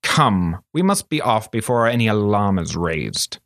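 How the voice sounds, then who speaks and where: A man's voice: on the low side, big pitch swings, a bit bright, no echo, clean studio sound, heavily acted. A man voicing a cold, menacing sorcerer master. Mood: dark, cold. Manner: slow, silky and threatening.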